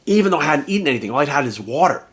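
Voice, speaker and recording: A man talking as a bodybuilding coach in a casual vlog rant, animated and swearing constantly, tossing in rhetorical asides. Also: fairly high pitch, very fast. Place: at home.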